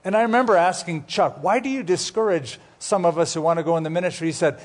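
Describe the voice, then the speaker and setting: Casual pastor, slightly high voice. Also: male voice. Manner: conversational, jokey asides, stretches out names slowly. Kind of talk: Bible teaching sermon.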